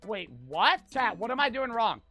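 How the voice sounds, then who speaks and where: A man giving frantic gameplay commentary, swearing, talking to himself and breaking into sudden loud outbursts. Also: very high-pitched, animated, normal speed, faint music behind. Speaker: gaming streamer.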